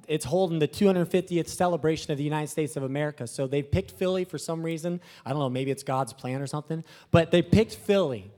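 A young man, a new pastor, giving an emotional and excited testimony to a congregation, talking casually and swinging from soft to shouting. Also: fairly high pitch. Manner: casual slang, breathless excitement. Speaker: young pastor planting a church.

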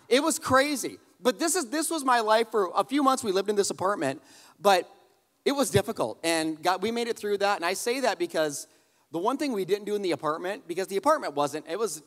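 A man preaching a sermon, telling a humorous family story in an animated, conversational way and addressing the crowd directly. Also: a little high, big-room sound. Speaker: pastor.

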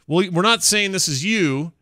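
A man's voice: sits high, animated, normal speed, sharp tone, no echo, studio quality. A man hosting a casual podcast chat, joking with his co-host and reading listener emails aloud.

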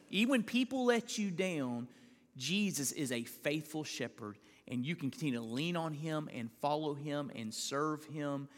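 A man preaching a sermon as pastor, emphatic and building to loud repeated declarations, with stumbles and restarts. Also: on the high side, in a large hall. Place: church sanctuary.

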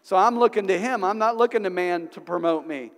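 A man's voice: high voice, a little fast. A middle-aged man preaching a sermon as pastor, telling stories conversationally and building to emphatic bursts. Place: church sanctuary. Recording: long church hall reverb.

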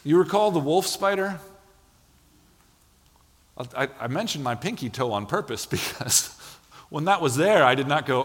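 Animated male preacher in a reverberant hall. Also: fairly high pitch, normal speed, pauses often. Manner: animated storytelling, acts out quotes. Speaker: pastor. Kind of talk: sermon. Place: church sanctuary.

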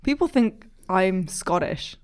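A woman co-hosting a podcast in casual chat, blunt and quick to exclaim. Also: mid-range voice, expressive, clear, resonant tone.

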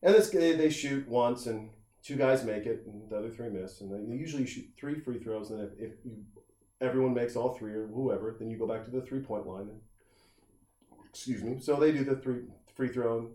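A middle-aged man in casual comedic chat, talking in a profane, animated way and acting out the people he quotes in jumping voices. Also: mid-range voice, normal speed. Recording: roomy echo.

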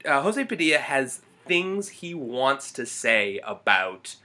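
A man co-hosting a podcast, talking through a film in a halting way with many fillers and restarts. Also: mid-range voice, sing-song, sharp tone. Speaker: podcast co-host. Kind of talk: casual film discussion.

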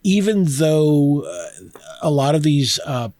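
Chatty man with a high, dry voice. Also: sing-song, takes it slowly, mellow, no echo. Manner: chatty, laughing, many fillers and restarts. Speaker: podcast host. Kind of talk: casual podcast discussion and reading aloud.

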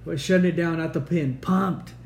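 A man's voice: on the high side, moderate pace, a little mellow, slight background noise, low-quality recording. Laid-back swearing sports-chat guy. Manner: laid-back, swears often, says "man" and "dude" a lot. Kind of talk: casual sports banter.

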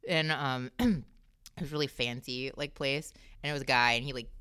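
A woman's voice: extremely low pitch, fairly quick, clear, resonant tone, dry recording. A woman guest on a casual podcast, telling a candid story with lots of laughter and acted-out dialogue. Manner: animated storyteller who acts out quoted dialogue and laughs often; swears freely in a candid, conversational tone.

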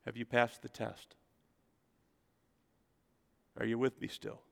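A man preaching a sermon as a pastor, reading scripture and building to loud, emphatic calls to the congregation. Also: medium pitch, flat delivery, takes it slowly, vocal fry, big-room sound. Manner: preaching with rising, shouted emphasis and call-and-response asides.

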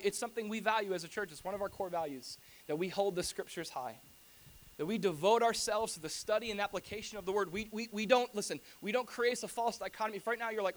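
A man preaching a sermon to his church in a conversational, animated way, with humorous asides to the congregation. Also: high-pitched, fast talker. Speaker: pastor.

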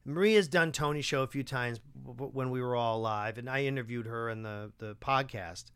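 A man hosting a podcast, chatting casually and enthusiastically, thinking out loud and affirming his guest. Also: medium pitch, brisk, smooth. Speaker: podcast host. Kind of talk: casual conversation.

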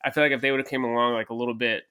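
A man's voice: mid-range voice, fairly even intonation, racing, bright, forceful tone, clean tone. A man co-hosting a podcast in casual chat, laid-back and full of "dude" and "like". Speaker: podcast co-host.

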